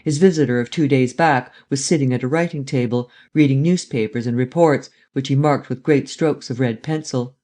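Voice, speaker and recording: Mellow male audiobook narrator. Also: mid-range voice, moderate pace, hardly any pauses. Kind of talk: scripted narration.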